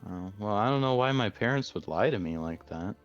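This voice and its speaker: A man's voice: lowish voice, animated, fairly quick, faint music behind, lightly acted. A man voicing a polite, earnest young girl in a tabletop game, on a dull lo-fi mic.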